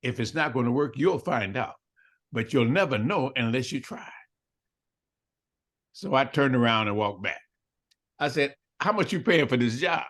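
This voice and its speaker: A man's voice: medium pitch, lively intonation, moderate pace, pauses often, a bit bright. An older man telling a story in an interview, acting out both sides of the dialogue and laughing often. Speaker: interview guest.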